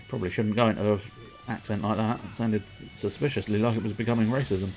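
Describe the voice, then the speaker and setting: A man's voice: lowish voice, steady tone, fast talker, a little mellow, soft background music. A man streaming a game, rambling through self-mocking, sweary commentary at his desk mic. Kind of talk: casual gameplay commentary.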